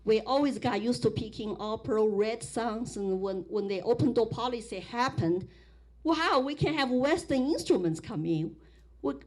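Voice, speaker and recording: A middle-aged woman from Sichuan with a Chinese accent, telling her life story in a public talk, animated, with frequent restarts. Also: fairly high pitch. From Sichuan, China. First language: Mandarin Chinese.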